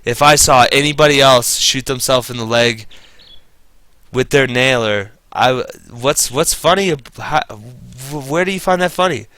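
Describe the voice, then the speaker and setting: Bright-voiced, profane man ranting. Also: mid-range voice, unhurried, no room sound. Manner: profane, rambling, bitter. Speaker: gamer telling stories. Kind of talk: casual commentary over gameplay.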